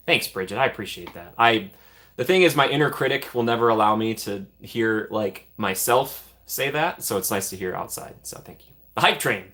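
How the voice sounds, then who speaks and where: A man's voice: medium pitch, pushed and bright. A man hosting a casual livestream, reading out donations and thanking viewers over and over with frequent laughs. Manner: grateful, reads out donations with quick repeated thanks and laughs. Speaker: livestream host.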